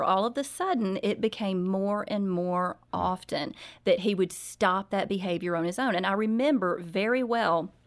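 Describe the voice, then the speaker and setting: A middle-aged woman talks with gentle, earnest sincerity, telling stories from home at an even, mid-range pitch. Her tone stays warm in intent and affirming as she answers. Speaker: author and guest. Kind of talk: radio interview, storytelling.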